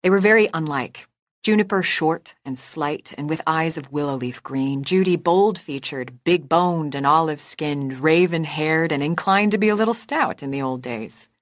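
A woman reading a novel aloud as narrator in a measured, even storytelling manner. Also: sits low, no echo, studio quality. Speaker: audiobook narrator. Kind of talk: scripted narration.

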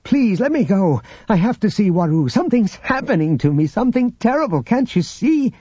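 A man's voice: sits high, sing-song, moderate pace, warm tone, husky, no room sound, pitched above the performer's own voice, heavily acted. A man voicing an anguished young Jedi, Luke. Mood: desperate. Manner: pleading, distraught. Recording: dull lo-fi audiobook recording.

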